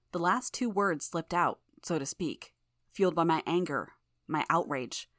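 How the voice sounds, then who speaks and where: A woman narrating a fan audiobook in the first person with a measured, even reading. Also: sits low, dry recording, clean studio sound.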